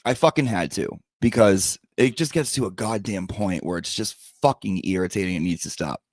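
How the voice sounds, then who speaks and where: A man's voice: deep voice, moderate pace, darkish tone, no echo. A man hosting a podcast, telling a story of a quarrel in a sassy, profane, dramatic way and acting out both sides. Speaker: podcast host.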